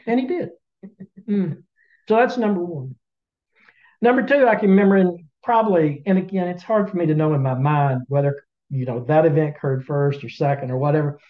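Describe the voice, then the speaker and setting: A man's voice: fairly high pitch, fairly quick, dull audio. A man with a Southern US accent, a podcast co-host telling a folksy story to listeners in a drawling, chatty way with teasing asides. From Southern United States.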